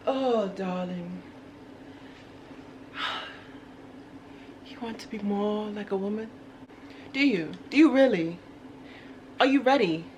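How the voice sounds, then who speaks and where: Sultry french-accent diva lady, a woman doing her alter ego, slow and dramatic. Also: medium pitch, background noise, lightly acted. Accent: put-on French.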